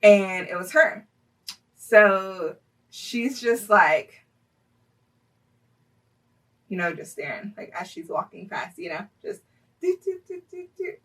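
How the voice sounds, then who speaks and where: A chatty young woman tells a story-time vlog, her voice bright and forward. She leans on fillers and laughs often, and she sits a little back from the mic. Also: mid-range voice, slow, long pauses, far from the mic, poor audio. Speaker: vlogger telling a personal story.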